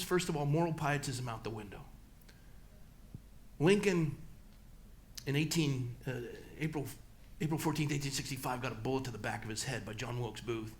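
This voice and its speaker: Middle-aged male pastor, higher-pitched, emphatic church delivery. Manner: emphatic, rising to loud peaks, then dropping low and slow. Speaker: guest pastor speaker. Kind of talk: church talk and Q&A answer. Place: church hall.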